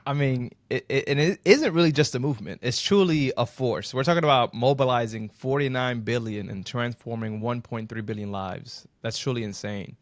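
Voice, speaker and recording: A man's voice: mid-range voice, moderate pace, few pauses, dry recording. A man hosting an interview podcast, asking questions in an enthusiastic, emphatic way. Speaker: podcast host.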